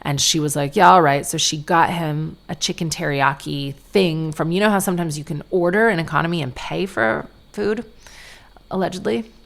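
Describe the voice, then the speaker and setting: Low-voiced woman telling a chatty story. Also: normal speed, creaky. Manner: chatty and animated, acting out quoted people. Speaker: podcast host. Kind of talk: casual storytelling monologue.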